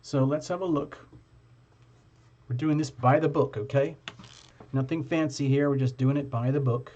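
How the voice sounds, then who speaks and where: A man's voice: mid-range voice, fairly even intonation, moderate pace, mellow, dull audio. A man hosting a casual live-stream tarot reading, talking to his viewers in a chatty, playful way.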